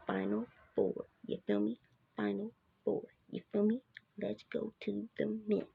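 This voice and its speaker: A woman's voice: medium pitch, flat delivery, measured pace, creaky, phone-quality sound, slight background noise. A woman hosting her own basketball show, chatting casually through a sports recap with lots of fillers and asides.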